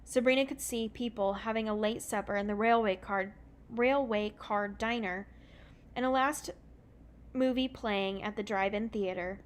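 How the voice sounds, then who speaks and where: A woman reading a children's book aloud in a relaxed, unpolished way, correcting her own slips as she goes. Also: mid-range voice, normal speed. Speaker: reader.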